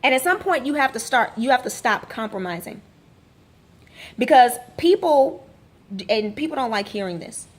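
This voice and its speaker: A woman's voice: high-pitched, lively intonation, moderate pace. A woman fitness coach giving a motivational vlog rant, hammering home rhetorical questions. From Texas. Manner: emphatic, repeats rhetorical questions.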